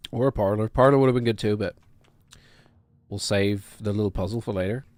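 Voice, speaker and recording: A man's voice: fairly low pitch, a little fast, a little mellow, dry recording. Man thinking aloud over a game. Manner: thinking aloud, talking to himself and chat. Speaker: game streamer. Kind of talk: casual gameplay commentary.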